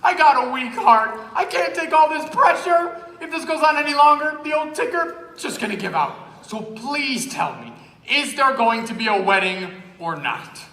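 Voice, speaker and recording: A man's voice: extremely high pitch, expressive, moderate pace, sharp tone, full character voice. A man playing a nervous, blustery producer with a weak heart in a stage musical. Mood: frantic. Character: frantic fast-talking show producer, man. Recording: echoey hall, live stage.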